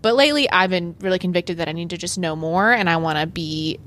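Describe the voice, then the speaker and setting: A woman in a casual podcast chat, talking earnestly and warmly about something she recommends. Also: lowish voice, fast.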